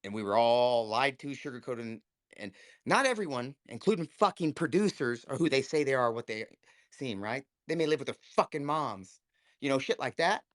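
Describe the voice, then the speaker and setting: A man's voice: mid-range voice, animated, moderate pace, no room sound. Man telling a heated, profane story. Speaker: guest speaker. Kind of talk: casual live audio chat. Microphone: online audio call.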